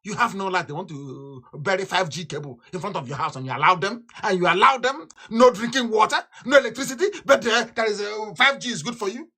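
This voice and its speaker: Fiery man with a bright voice. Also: high voice, expressive, a little fast, hardly any pauses, slightly rough. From Nigeria. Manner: fiery, repetitive, scornful, with shouted outbursts. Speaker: activist leader. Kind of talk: impassioned political broadcast.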